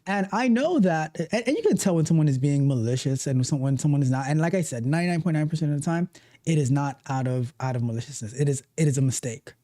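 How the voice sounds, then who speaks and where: Woman, motivational coach, emphatic and repetitive, lively swooping pitch, low mellow voice. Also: quick pace. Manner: emphatic, repetitive, acts out quoted reactions. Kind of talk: motivational talk.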